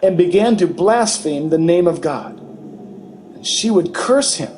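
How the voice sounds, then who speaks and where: A man narrating a testimony in a measured, earnest storytelling manner. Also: sits high, animated, a little mellow, slight background noise, rough recording. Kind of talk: slow testimony reading.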